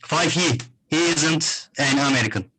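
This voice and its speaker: A man with a Turkish accent, a student reading English exercises aloud over a video call, halting and hesitant. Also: on the high side, bright, forceful tone, slightly rough, low-quality recording.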